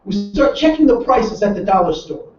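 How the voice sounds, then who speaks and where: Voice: mid-range voice, normal speed, music in the background. A workshop trainer lecturing a live group, telling a story with lots of restarts and repeated words, and acting out the people in it. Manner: animated storyteller who acts out the people in the story. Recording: roomy echo from far off, dull and lo-fi.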